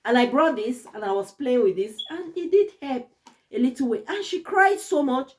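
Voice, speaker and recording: A woman vlogger shares a personal story straight to camera. Her voice sits high, and she speaks in an earnest, expressive, emotional way. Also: moderate pace, a little hiss or hum.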